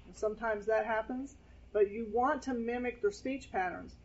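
A woman pastor, preaching a casual sermon in a chatty, animated way while seated at a table. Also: medium pitch, fairly quick, creaky, a little hiss or hum. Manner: chatty, animated, scripture quoting. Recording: dull lo-fi sound.

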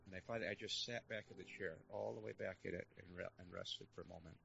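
A man's voice: low voice, fairly even intonation, quick pace, vocal fry, bright, forceful tone, highs cut off, slight background noise. An older man preaching a storytelling sermon in a church service, earnest and building to fervent exhortation.

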